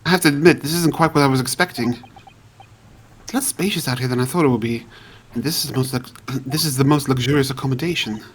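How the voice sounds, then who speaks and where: A man's voice: mid-range voice, fast talker, slight background noise, lightly acted. A man voicing an earnest, somewhat flustered young male lawyer in a video game, reading expressively. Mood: eager.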